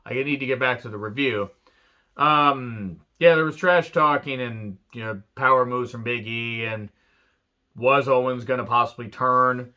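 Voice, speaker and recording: A man's voice: medium pitch, normal speed, pushed and bright, highs cut off. A man casually recapping a wrestling show, rambling into crude jokes and sarcastic asides.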